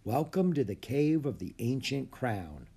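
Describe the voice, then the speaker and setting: A man's voice: medium pitch, very animated, vocal fry, dark tone, husky, full character voice. A man reading a stately emperor penguin. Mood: solemn. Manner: measured, formal and solemn. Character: dignified male emperor penguin, calm and kind. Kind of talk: audiobook character voice.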